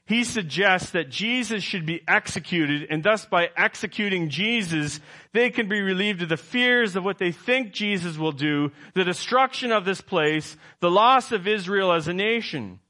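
A man's voice: high voice, sharp tone. A man preaching a sermon as pastor, emphatic, quizzing his congregation and correcting himself as he goes.

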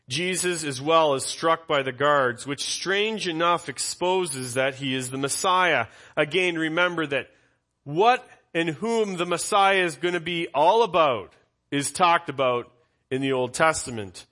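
A man with a bright, forceful voice sitting a touch higher than most men's, walking his congregation through a Bible passage. He teaches in a conversational way and keeps asking them questions as he goes. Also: unhurried. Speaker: pastor.

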